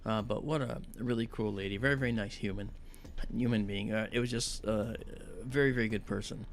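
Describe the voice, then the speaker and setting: Hosting an astronomy livestream, a man with a fairly low, fairly even voice speaks briskly over a little hiss or hum. He chats in a loose, friendly way, using lots of fillers and calling out viewers by name.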